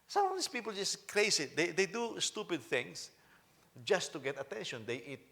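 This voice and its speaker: Guy preaching, middle-aged, kinda high voice, jokes around with the crowd, lots of stop-and-restart. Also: normal speed, creaky. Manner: animated, joking with the congregation, frequent repetitions and restarts. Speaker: senior pastor. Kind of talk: sermon.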